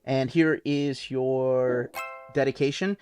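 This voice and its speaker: In a casual product overview, a man who watched reruns as a kid shows off comic books, enthusiastic, rambling and filler-heavy. He speaks slowly in a darkish, mid-range voice with fairly even intonation, over soft background music.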